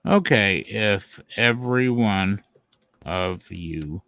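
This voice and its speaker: A man's voice: on the low side, expressive, slow pace, fairly bright tone, dry recording. A man hosting a live stream, talking to his viewers in a taunting, mocking way and chuckling at his opponents. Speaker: channel host.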